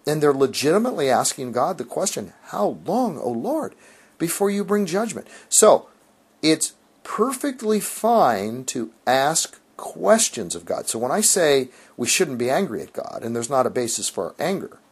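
Husky-voiced man teaching theology. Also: medium pitch, very animated, moderate pace. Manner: earnest, emphatic, with frequent restarts and fillers. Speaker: Christian author.

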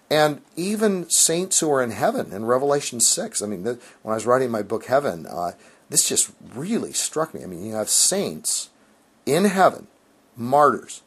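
A man's voice: mid-range voice, sing-song, measured pace, husky. A man, a Christian author, explaining theology in an earnest, emphatic conversational way, with frequent restarts.

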